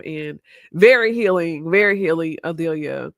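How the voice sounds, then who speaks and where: A woman's voice: fairly low pitch, moderate pace, no echo, clean studio sound. Reflective woman host. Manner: reflective, open, quotes herself and others in lively voices. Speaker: podcast host. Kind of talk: candid conversational chat.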